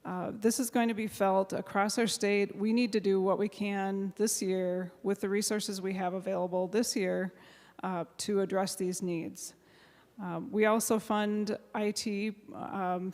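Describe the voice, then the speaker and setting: A woman's voice: mid-range voice, level tone, darkish tone. A woman senator giving a floor speech on a bill, hesitant with many fillers and restarts. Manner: halting, many fillers and restarts, moved to tears near the end. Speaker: state senator presenting a bill. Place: large legislative chamber. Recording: reverberant chamber floor mic.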